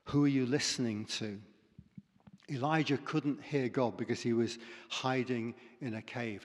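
A male preacher giving a sermon with dramatic storytelling that sinks to near whispers. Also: mid-range voice. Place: church. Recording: long reverb in a church hall.

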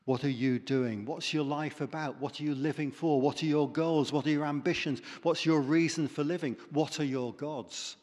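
In a church, a male preacher delivers a sermon full of dramatic storytelling that sinks to near whispers. His fairly high, darkish voice keeps a fairly even intonation at normal speed with few pauses, and a long reverb fills the church hall.

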